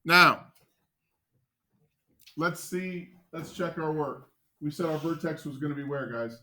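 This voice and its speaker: A man teaching a math class, joking with students and quizzing them with quick questions. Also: on the high side, sharp tone.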